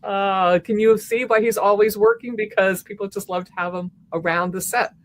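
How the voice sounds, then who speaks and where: A woman's voice: medium pitch, fairly even intonation, moderate pace. A woman hosting an interview, effusive and full of praise for her guest. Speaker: host. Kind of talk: casual interview.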